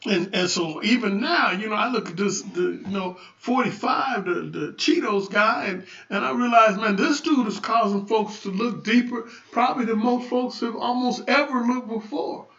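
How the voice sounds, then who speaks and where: A man with a very high, bright voice delivers a rambling spiritual talk, repeating and restarting words as he works up to loud preaching. He sounds set back from the mic in an echoey room, and the sound is dull and lo-fi. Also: moderate pace, creaky, few pauses, far from the mic. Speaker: livestream host.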